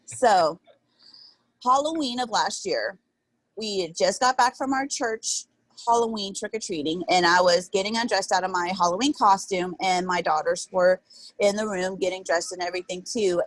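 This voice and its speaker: A woman's voice: mid-range voice, no room sound, rough recording. A woman in her thirties, an interview guest telling a candid personal story in an earnest, emotional, rambling way.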